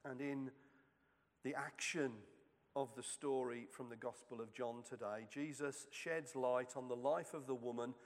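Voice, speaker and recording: Male preacher, unhurried and measured, long reverb behind him; sermon reading. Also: mid-range voice, fairly even intonation. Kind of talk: sermon reflection.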